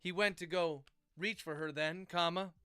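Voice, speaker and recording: A man's high-pitched voice comes across sharp, clear and resonant, with a steady tone at normal speed. He's an author on a livestream dictating his novel aloud, voicing each comma and period, then chatting loosely with viewers between passages. The studio-quality recording has no room sound.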